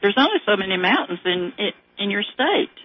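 A woman's voice: mid-range voice, very animated, brisk, slight background noise. An older woman with a Southern American accent, calling in to a radio show and chatting in a rambling, storytelling way, often laughing. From southern United States. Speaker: caller. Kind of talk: casual phone-in chat. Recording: muffled radio phone-in.

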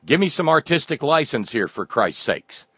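A man's voice: fairly high pitch, sing-song, moderate pace, fairly bright tone, breathy edge, no echo. A man delivering a sarcastic satirical monologue as a commentator, often restarting his words.

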